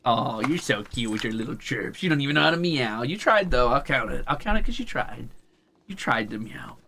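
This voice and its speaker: A man's voice: mid-range voice, expressive, brisk, creaky, pushed and bright, a little hiss or hum. A young man streaming casually, coaxing and teasing his pets with a playful, casual cursing manner. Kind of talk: casual live stream chat.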